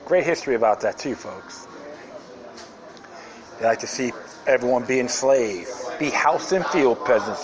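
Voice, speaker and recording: A man's voice: medium pitch, lively intonation, measured pace, long pauses, poor audio. A man hosting a podcast, talking in a rambling, sarcastic casual monologue. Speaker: podcast host.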